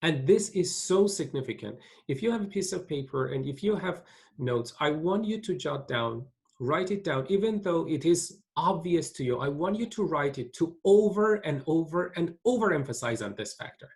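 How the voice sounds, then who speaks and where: A man's voice: fairly high pitch, lively intonation, moderate pace. A man presenting a teaching webinar, talking earnestly with frequent restarts and repeated points.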